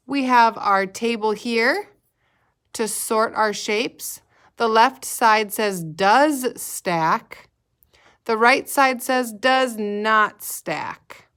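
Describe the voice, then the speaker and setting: Slow, patient kindergarten teacher woman. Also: a little high, fairly bright tone, smooth. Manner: slow, patient, sing-song prompting for children to repeat. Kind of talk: recorded remote lesson.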